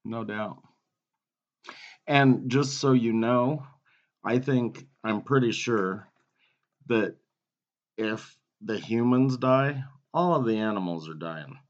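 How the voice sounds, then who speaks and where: A man's voice: mid-range voice, slow, pauses often. A man co-hosting a podcast, chatting casually and swearing often. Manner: laid-back, swears often. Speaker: podcast co-host. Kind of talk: casual profane chat. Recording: muffled lo-fi podcast audio.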